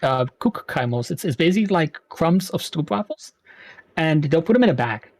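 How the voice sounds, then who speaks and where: A man's voice: a little high, animated, moderate pace, darkish tone, dry recording. A man being interviewed as a guest streamer, chatting with enthusiasm and often repeating words as he talks. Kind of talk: casual interview chat.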